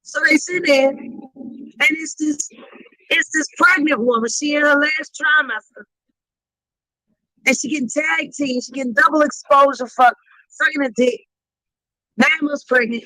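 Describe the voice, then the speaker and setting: A woman's voice: high-pitched, unhurried, long pauses, sharp tone, dry recording, poor audio. A woman telling a story in blunt, emphatic, heavily profane casual talk. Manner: blunt, emphatic, heavy cursing.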